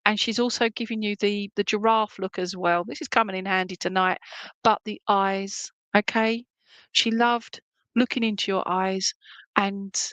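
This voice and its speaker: A woman's voice: mid-range voice, fairly bright tone, no echo, low-quality recording. A woman working as a spiritualist medium, giving a chatty, emotional reading at a church service and tagging her lines with "okay?". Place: church service, streamed online.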